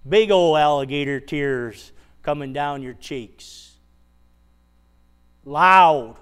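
A man's voice: fairly high pitch, fairly bright tone, smooth. A man preaching a sermon, retelling a scripture passage conversationally and asking the congregation rhetorical questions. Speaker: pastor.

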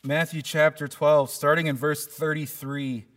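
Male pastor, fairly high, bright tone, earnest conversational sermon. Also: little pitch movement, unhurried. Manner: earnest, conversational preaching with frequent restarts.

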